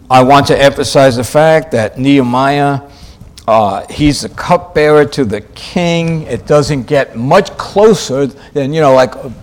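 Slow, emphatic male preacher. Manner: emphatic, repeats key phrases, swings from loud highs to quiet lows. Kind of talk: sermon.

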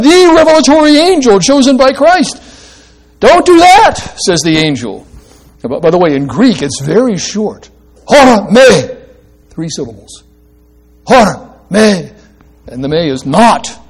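A man's voice: fairly high pitch, a little mellow. A man preaching a sermon, emphatic and asking the congregation questions as he explains a passage. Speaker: pastor.

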